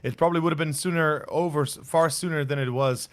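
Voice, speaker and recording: Excitable man on esports color commentary. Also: on the high side, quick pace, no room sound. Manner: excitable, playful. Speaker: esports co-caster.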